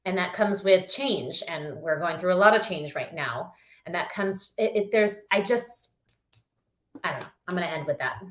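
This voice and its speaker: A woman's voice: fairly low pitch, expressive, normal speed. A woman from Rhode Island co-hosting a podcast in a chatty, giggly way, often losing her train of thought. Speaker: podcast co-host. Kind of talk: casual chat. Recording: roomy echo.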